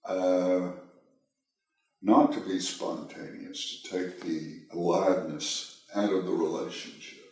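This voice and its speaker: A male author answering an interview question in a measured, self-examining way, telling a personal story, recorded in an echoey room with the mic far away. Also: deep voice, fairly even intonation, a little mellow.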